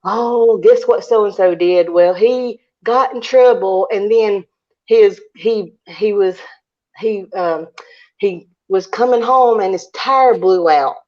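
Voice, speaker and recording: A woman telling a story on a casual live call-in stream. She is animated, laughs often and acts out what she said. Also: medium pitch, slow pace. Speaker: panelist. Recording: muffled stream audio.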